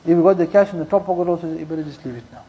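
A man's voice: on the high side, breathy edge, highs cut off. A man preaching a sermon, telling stories and mixing Urdu and Arabic religious terms into English, repeating key lines for emphasis. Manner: recites Quranic verses rapidly in Arabic. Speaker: Islamic preacher.

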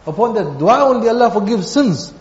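A man with a high voice preaches a sermon, repeating key phrases and telling everyday stories. The sound is dull and muffled, with a long reverb from a large hall. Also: very animated, fairly quick. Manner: storytelling with repeated phrases and acted quotes. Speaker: Islamic preacher.

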